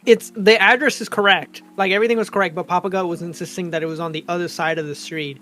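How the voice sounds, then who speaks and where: A man's voice: sits high, fairly even intonation, fast, sharp tone, soft background music. A man co-hosting a podcast, bluntly retelling online drama with plenty of swearing. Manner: crude, profane retelling of drama. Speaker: podcast co-host. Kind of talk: casual chat.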